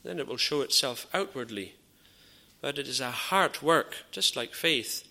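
Gravelly-voiced preacher with a bright edge. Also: male voice, mid-range voice, animated. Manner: earnest, measured preaching with frequent "uh" pauses and repeated phrases; drops to a near whisper in dramatised dialogue. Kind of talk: sermon.

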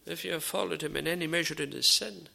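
A man preaching a sermon in an earnest, measured way, with frequent pauses and repeated phrases. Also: fairly high pitch, gravelly, bright, forceful tone. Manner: drops to a near whisper in dramatised dialogue.

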